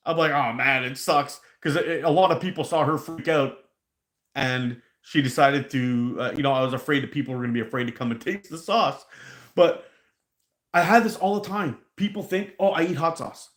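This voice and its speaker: A man hosting a casual live stream about hot sauce, a rambling, animated storyteller who laughs at his own stories. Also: on the high side, moderate pace, reverberant. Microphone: handheld mic pulled out.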